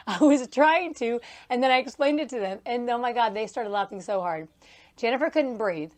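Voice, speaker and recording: A woman's voice: sits high, animated, normal speed, darkish tone. Chatty laughing woman podcast host. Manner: chatty, laughs often, rambling asides. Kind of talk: casual solo podcast storytelling. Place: outdoors near a horse trailer on a farm.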